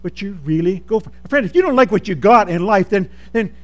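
A man preaching a sermon, calling for amens and swinging between soft asides and loud, drawn-out lines. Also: sits high. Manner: animated, calls for amens, swings from soft to shouting.

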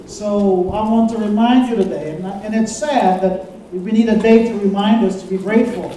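Echoey preacher leading a church sermon. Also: male voice, high-pitched, steady tone, normal speed, dark tone. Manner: call-and-response preaching, storytelling. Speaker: pastor. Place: church sanctuary. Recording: echoey church room, mic at a distance.

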